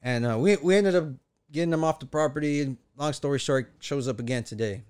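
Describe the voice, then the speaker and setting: A man telling a story in casual podcast chat, animated, acting out what others said and swearing often. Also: a little high, fairly quick, smooth. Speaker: podcast co-host.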